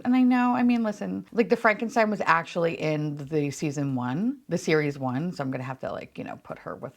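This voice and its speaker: A young woman vlogging an unboxing, her voice swinging widely in pitch as she gushes. She squeals and laughs often, chatting straight to her viewers in an excited, casual way. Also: fairly quick.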